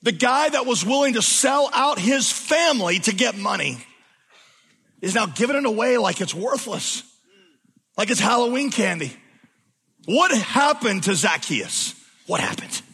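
Dramatic high-voiced male preacher. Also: lively intonation, slightly rough. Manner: swings from hushed, slow emphasis to loud exclamation. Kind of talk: sermon. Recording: long hall reverb.

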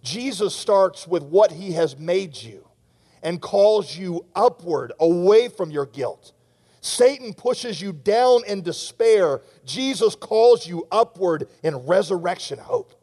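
A man's voice: high voice, animated, slow pace, warm tone, big-room sound. A man preaching a sermon, speaking earnestly and straight to his listeners with frequent rhetorical questions. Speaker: pastor.

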